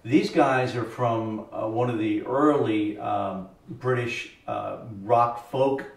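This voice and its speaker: A man's voice: mid-range voice, slow. Rambling middle-aged man in an echoey room. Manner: rambling, hesitant, full of uh and restarts. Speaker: podcast co-host. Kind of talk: casual music review chat. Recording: echoey room, mic at a distance.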